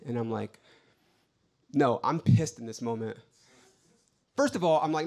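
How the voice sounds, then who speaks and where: A male stand-up comedian telling a story on stage, animated and exasperated, bursting into shouts. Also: mid-range voice, takes it slowly, long pauses. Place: stage before a live audience.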